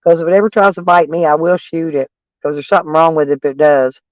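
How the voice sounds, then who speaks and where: Man with a stuffy nose, casual van-life chat, rambling, high smooth voice, dry close sound. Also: quick pace, no room sound, lo-fi sound. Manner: rambling, plainspoken, chatty. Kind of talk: casual live chat with viewers. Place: in a van, door open.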